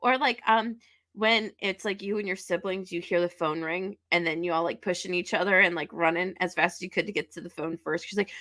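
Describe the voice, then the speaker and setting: A woman's voice: on the low side, fairly even intonation, a little fast, pushed and bright. A woman co-hosting a podcast in casual chat, reminiscing chattily and laughing often. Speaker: podcast co-host.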